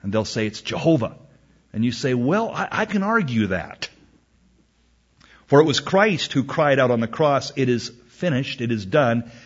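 A man preaching a sermon, reading scripture slowly with emphasis and acting out a back-and-forth exchange. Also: medium pitch. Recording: dull lo-fi recording.

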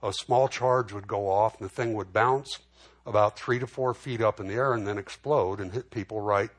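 A man's voice: lowish voice, normal speed. A man preaching a sermon in a conversational way, often restarting and repeating words. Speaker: pastor.

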